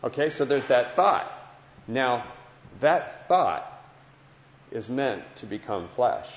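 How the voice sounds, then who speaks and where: Slow and sing-song, this man's medium-pitched voice carries an earnest Christian sermon and testimony, full of repeated phrases. He addresses an audience in a large hall, and the dull lo-fi recording has a long echo from the room.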